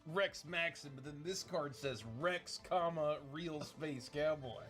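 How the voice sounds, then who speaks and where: A man's voice: a little high, measured pace, over loud music. A man at a tabletop game speaking wryly, often laughing through his lines.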